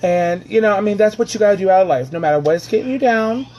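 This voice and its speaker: A man vlogging about his own life in a loose, rambling way, his voice sitting a little high for a man. He keeps restarting sentences as he talks. A faint hiss runs under the recording. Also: fast, darkish tone, dull audio. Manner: chatty, rambling storytelling with many restarts. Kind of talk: casual personal vlog.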